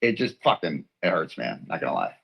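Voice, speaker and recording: A man's voice: very deep voice, huge pitch swings, a little fast, gravelly, a bit bright, husky, rough recording. Hurt, rambling man from Texas ranting. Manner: rambling, profane, hurt and heated. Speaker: livestream host. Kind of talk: emotional livestream rant.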